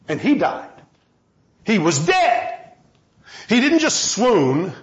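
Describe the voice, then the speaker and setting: A man preaching with a high, lively voice that rises to shouts and falls to quiet. He is heard in a roomy space on a slightly dull recording. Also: slow pace. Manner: impassioned, swings from loud shouting to low quiet. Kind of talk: sermon.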